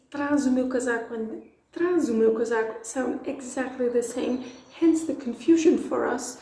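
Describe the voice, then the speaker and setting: A woman's voice: on the high side, gravelly, dark tone, reverberant, rough recording. A woman from Portugal, teaching in a casual, playful way with lots of examples. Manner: chatty, playful, explains with examples. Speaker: language teacher. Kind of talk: casual video lesson.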